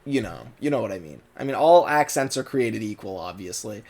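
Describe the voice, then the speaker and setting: Rambling American guy, lively pitch. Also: fairly quick. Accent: General American. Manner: rambling, many fillers and restarts. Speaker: YouTuber reviewing a cartoon dub. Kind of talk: casual rambling commentary monologue.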